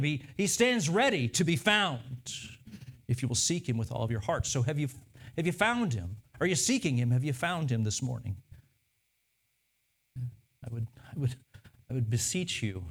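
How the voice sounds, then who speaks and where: A man delivers a sermon as pastor, earnest and measured at a middle pitch. He circles back on his phrases, repeating them for emphasis as he preaches.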